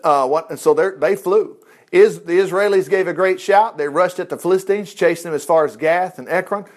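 A man's voice: high voice, normal speed. A man teaching a Bible story in a folksy, chatty way, with asides and self-corrections. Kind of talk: casual Bible-study teaching.

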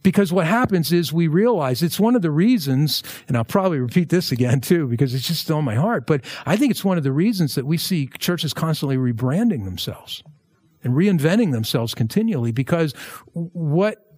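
Male pastor, higher-pitched, dry close sound, relaxed preaching with humorous asides. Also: normal speed, dry recording. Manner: conversational, jokey asides, lively emphasis. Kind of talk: verse-by-verse sermon.

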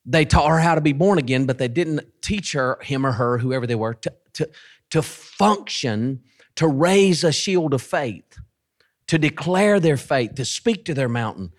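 A man preaching with a high, lively voice that swings widely in pitch. He stretches his key phrases out slowly and repeats them for emphasis. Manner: animated preaching, drawn-out emphatic repetitions. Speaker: pastor and station head. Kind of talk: sermon.

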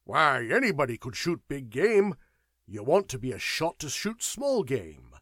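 Man voicing a boisterous boastful gentleman, loud, wide pitch swings, dry recording. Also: wildly swooping pitch, moderate pace, husky, dry recording, full character voice. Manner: loud, blustering. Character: boisterous, boastful older English politician. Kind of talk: audiobook character voice.

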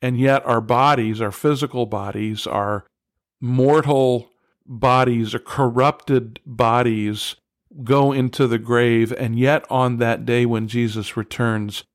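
Slow, earnest male Bible teacher. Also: medium pitch, fairly even intonation, dry recording, studio quality. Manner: earnest, emphatic on key words, asks listeners directly.

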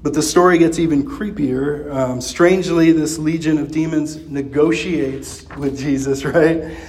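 Preacher, male, casual sermon delivery, slightly high-pitched, chuckles often. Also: fairly even intonation, unhurried, a little mellow. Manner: conversational, with chuckles and fillers; acts out quoted voices with pitch jumps. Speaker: pastor.

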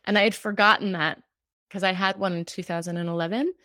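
A woman's voice: medium pitch, fairly even intonation, fast talker, pushed and bright, no room sound, studio quality. Heartfelt rambling woman storyteller. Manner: heartfelt, rambling, many fillers like "like". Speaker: cancer survivor guest. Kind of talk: personal storytelling in conversation.

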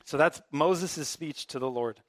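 High-voiced man preaching casually. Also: unhurried, fairly bright tone, no echo, clean studio sound. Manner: conversational, emphatic preaching with casual asides. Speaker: pastor. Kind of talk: sermon.

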